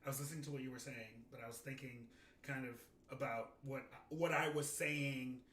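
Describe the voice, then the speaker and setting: A man's voice: medium pitch, steady tone, a little fast, fairly bright tone, echoey room, recorded from a distance. A man co-hosting a casual chat, talking reflectively and restarting his sentences often. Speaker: podcast co-host.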